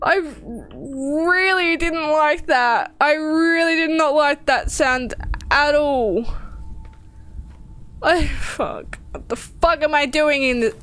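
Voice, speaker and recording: A woman's voice: high voice, takes it slowly, fairly bright tone. A young woman streaming a horror game, jumpy and swearing, with nervous laughs and startled shrieks. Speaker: gaming streamer. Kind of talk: horror game let's play commentary.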